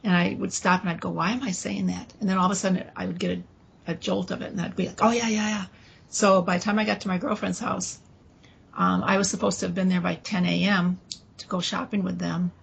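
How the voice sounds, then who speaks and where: Woman telling her story in an interview, gravelly voice, pretty flat, keeps restarting and quoting what was said, bit of hiss behind. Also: fairly low pitch. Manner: halting, with restarts and quoted dialogue. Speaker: guest recounting an experience.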